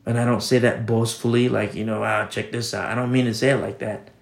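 A man delivering a sermon in a relaxed, conversational way, slipping into quick voices for the people he quotes. His voice has a gravelly, creaky texture. The room around him is echoey. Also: mid-range voice. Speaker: pastor.

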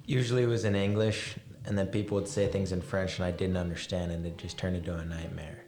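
Young male guest, very low and monotone, reserved and quiet. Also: quick pace, faint music behind. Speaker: podcast guest. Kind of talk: casual interview.

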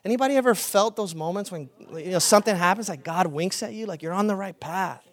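A man preaching a sermon with an earnest, conversational delivery that turns animated when he tells stories. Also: high-pitched, fast talker. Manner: animated storytelling, rising to loud excited retelling. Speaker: pastor.

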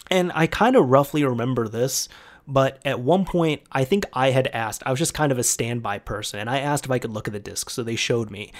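Young man, casual storytime, rambling and conversational, mid-pitched voice. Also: brisk. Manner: rambling, conversational with fillers and restarts.

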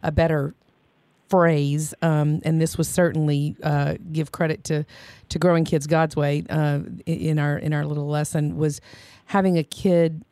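A woman's voice: sits low, flat delivery, a little slow, mellow, dry recording. A woman chatting casually about parenting, with lots of fillers and restarts and frequent laughter.

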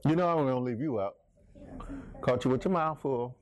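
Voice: medium pitch, normal speed, slight background noise. A Bible study leader teaching an interactive class, asking questions and making jokey asides.

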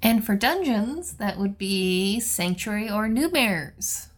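A woman co-hosting a casual podcast, talking hesitantly with many pauses and ums. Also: mid-range voice, animated. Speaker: podcast co-host.

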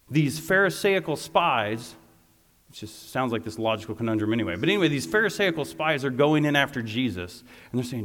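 Animated man preaching in an echoing hall. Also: mid-range voice, a little fast. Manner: animated and conversational, with many asides to listeners. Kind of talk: lively sermon.

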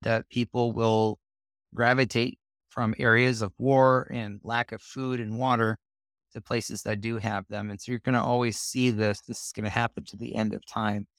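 A man co-hosting a Bible lesson discussion, explaining his points in a measured way. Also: medium pitch, flat delivery, no room sound, studio quality. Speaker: co-host of a Bible study show.

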